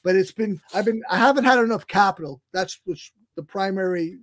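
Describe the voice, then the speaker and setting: A man's voice: high voice, fairly bright tone. A man being interviewed on a radio show about his self-help venture, talking casually with frequent restarts and short laughs. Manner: halting, many restarts, laughs often. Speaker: guest, self-help software founder.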